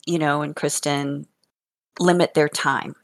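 An older woman with a deep voice talks a little slowly as she casually recounts funny stories about her grandchildren, animated, laughing often and repeating words.

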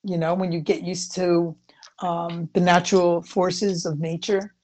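A woman's voice: on the low side, level tone, measured pace, darkish tone. A woman giving a casual, rambling spiritual talk about tarot readings, full of "you know" fillers. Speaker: tarot reader.

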